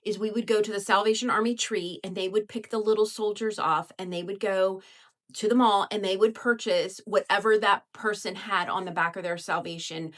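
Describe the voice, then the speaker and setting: A woman's voice: mid-range voice, fairly even intonation, moderate pace, a bit bright. A woman in a casual podcast chat, speaking in a heartfelt, earnest way.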